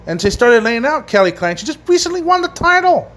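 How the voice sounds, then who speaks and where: A man's voice: extremely high pitch, sing-song, a little fast, fairly bright tone. A man hosting a casual solo wrestling review, rambling and swearing, with many fillers and restarts. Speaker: wrestling podcast host.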